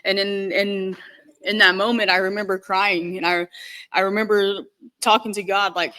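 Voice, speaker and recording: A woman telling her recovery story in an earnest, candid way, halting often and repeating herself with many fillers. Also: medium pitch, flat delivery, pushed and bright. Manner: halting, repetitive, with many "you know" fillers. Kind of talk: personal recovery testimony.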